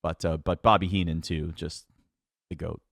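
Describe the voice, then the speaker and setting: Here a wrestling announcer on a podcast swaps stories in relaxed, animated chat, laughing and dropping fillers throughout. His low, creaky voice is a bit bright with a flat delivery at a moderate pace, and the studio sound is clean with no echo.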